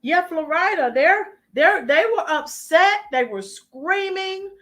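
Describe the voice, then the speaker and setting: A woman's voice: very high-pitched, expressive, slow pace, a bit bright, soft background music. A woman hosting a live-stream, giving emphatic political commentary and talking to chat viewers by name. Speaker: channel host.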